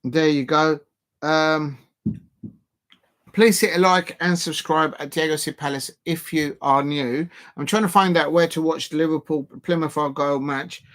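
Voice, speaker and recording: Bright-voiced rambling streamer. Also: male voice, fairly high pitch, unhurried. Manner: rambling, chatty, bursts into excited shouting at match incidents. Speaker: football watch-along streamer. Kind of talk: casual live commentary.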